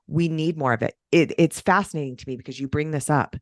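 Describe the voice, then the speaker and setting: A woman who runs breathwork sessions, chatting on a podcast and telling stories with an animated, swooping delivery. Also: quick pace, no room sound, studio quality. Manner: animated storytelling, big pitch swings. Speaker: breathwork facilitator. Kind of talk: podcast conversation.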